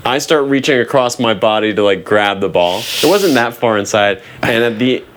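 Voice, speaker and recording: A young American man telling a funny story in casual chat, animated and often laughing as he acts out what people said. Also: lowish voice, moderate pace, slight background noise. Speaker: guest.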